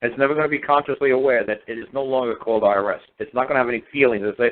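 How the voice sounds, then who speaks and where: An emphatic man rails on with sarcastic repetition, hammering each point again and again. His voice sits at a medium pitch and comes through a thin, tinny phone line. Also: fairly even intonation, racing, few pauses. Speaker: guest speaker on law. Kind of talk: casual talk-radio conversation.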